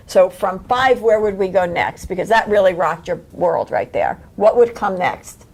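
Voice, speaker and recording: Lady running a coaching workshop, lots of energy, laughs a lot, acts out little quotes, middle-pitched voice. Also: expressive, normal speed. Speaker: workshop leader.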